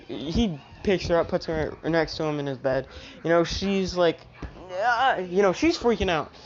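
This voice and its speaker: A woman's voice: on the low side, slight background noise. A woman casually telling a fan-made story, rambling along with lots of "you know". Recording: dull lo-fi recording.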